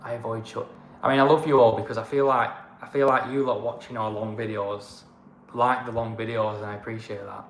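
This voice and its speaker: A man's voice: fairly low pitch, flat delivery, brisk, echoey room, a little hiss or hum. A man with a northern English accent co-hosting a casual livestream chat, blunt and fond of a good moan. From northern England. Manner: blunt, ranting, fond of moaning. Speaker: co-host of a travel channel.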